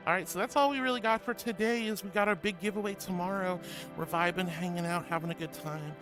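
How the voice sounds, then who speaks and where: A woman VTuber streamer chatting casually and affectionately with viewers, bubbly and self-deprecating, with a stuffy nose from allergies. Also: on the low side. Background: background music.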